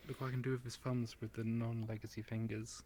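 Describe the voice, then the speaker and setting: A man chatting casually in a relaxed way between roleplay scenes. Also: medium pitch, quick pace, a little hiss or hum. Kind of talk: casual out-of-character chat.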